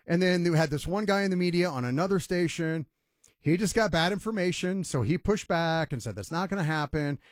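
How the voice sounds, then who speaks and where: Guy ranting on sports radio, higher voice that swings all over, dry close mic. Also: dry recording. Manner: emphatic, mocking, storytelling with voiced quotes. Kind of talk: animated sports talk radio rant.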